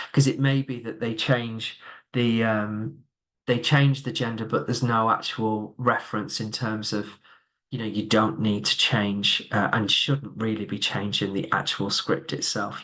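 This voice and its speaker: A man leading an online training session for teachers, relaxed and conversational, answering their questions with frequent ums and restarts. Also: fairly low pitch. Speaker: subject advisor leading a teacher training webinar.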